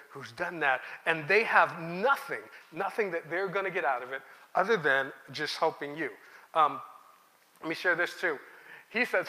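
A man's voice: on the high side, sharp tone. Man preaching in a reverberant church. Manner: conversational, anecdotal preaching with emphatic repetition. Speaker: pastor. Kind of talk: sermon. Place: church sanctuary. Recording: church hall with long reverb.

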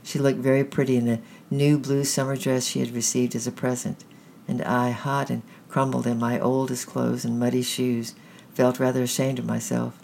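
A storyteller reading a children's story aloud at a measured, gentle pace. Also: mid-range voice, flat delivery, gravelly, a little hiss or hum.

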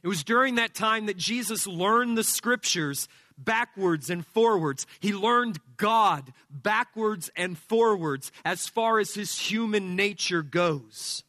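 A male pastor preaching an expository sermon, explaining scripture verse by verse in a deliberate teaching manner. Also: high-pitched, lively intonation, sharp tone, no room sound, clean studio sound.

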